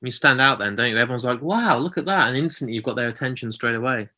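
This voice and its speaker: A man's voice: medium pitch, fairly even intonation, very fast, pushed and bright. Chatty man hosting a podcast. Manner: chatty, frequent agreeing. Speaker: podcast host. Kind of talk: casual interview.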